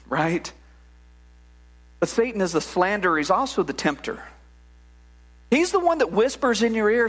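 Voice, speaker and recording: A man preaching a sermon as a pastor, in an animated, conversational way with frequent restarts and "right?" asides. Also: sits high, normal speed.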